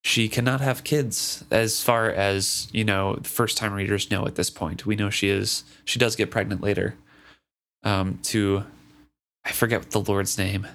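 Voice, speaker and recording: A man with a somewhat low voice co-hosting a casual book discussion podcast. He rambles a bit, restarting his sentences and leaning on fillers as he thinks aloud. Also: steady tone, unhurried, a bit bright. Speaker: podcast co-host.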